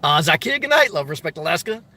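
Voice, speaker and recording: Man, high voice, livestream host, casual blunt chat, middle-aged. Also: very animated, fast, sharp tone. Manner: loose, blunt, profane advice with many fillers and restarts. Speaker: livestream host reading viewer comments.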